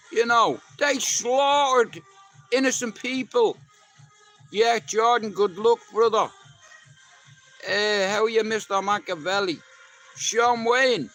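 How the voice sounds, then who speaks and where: A man's voice: sits high, sharp tone. A middle-aged Irish man chatting casually to live viewers, swearing freely as he rambles through stories. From Ireland. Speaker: livestream host.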